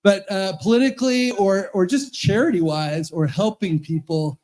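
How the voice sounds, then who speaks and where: A man's voice: high voice, normal speed, darkish tone. A man in his fifties, an Episcopal priest, telling rambling, chuckling stories in a roast speech at a charity event. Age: 50s.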